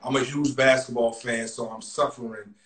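A man's voice: mid-range voice, fairly even intonation, normal speed, a bit bright. Laid-back man in an echoey room. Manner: laid-back, casual slang. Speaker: guest. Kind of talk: casual interview chat.

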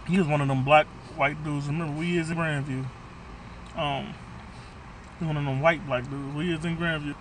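A man's voice: on the high side, steady tone, normal speed, a bit bright, slight background noise. A man doing a casual food review vlog from his car, talking bluntly and profanely as he rants about the food.

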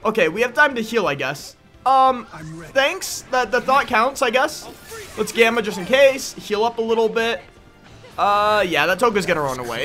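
A young man giving excitable live commentary over his gameplay, yelping and laughing when caught off guard. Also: high-pitched. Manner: excitable, yelps and laughs at sudden danger. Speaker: gaming YouTuber.

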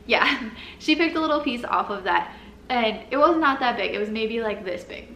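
A woman's voice: on the high side, lively intonation, normal speed, fairly bright tone. A young woman telling a personal story in a casual, chatty way, filling her talk with "like" and nervous little laughs. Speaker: vlogger. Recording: echoey room with faint noise.

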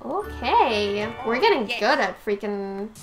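A young woman doing jokey, excitable let's-play commentary as she plays a video game. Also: fairly high pitch, slow pace. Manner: jokey, squeals and laughs at scares. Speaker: gaming YouTuber. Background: game music.

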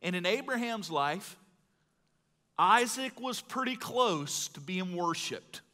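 A man preaches live to his congregation, his voice bright and fairly high. He tells folksy stories, swinging from loud bursts to hushed asides, and the hall rings with long reverb. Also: expressive, takes it slowly. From Mississippi, US. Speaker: pastor. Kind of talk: sermon. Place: large church hall.

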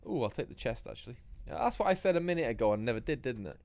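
A man's voice: mid-range voice, sing-song, very fast, darkish tone, no echo. A man giving sweary, rambling, self-mocking commentary while streaming a game live. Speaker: gaming streamer.

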